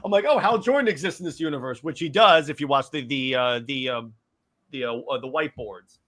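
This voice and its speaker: A man's voice: medium pitch, a little fast, a bit bright. A man hosting a casual movie discussion, eagerly recapping scenes and often stumbling over his words as he restarts. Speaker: podcast host.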